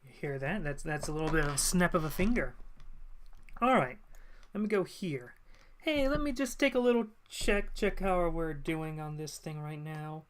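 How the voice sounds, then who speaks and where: A live streamer in casual chat at a desk mic, talking loosely with frequent ums and quick laughs. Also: medium pitch, animated, a little hiss or hum. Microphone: desk mic at a computer.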